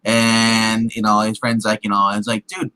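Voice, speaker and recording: A man's voice: fairly low pitch, normal speed, clear, resonant tone, rough recording. A man co-hosting a film review show, rambling through the plot in casual chat. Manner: rambling, acts out scenes in lively put-on voices.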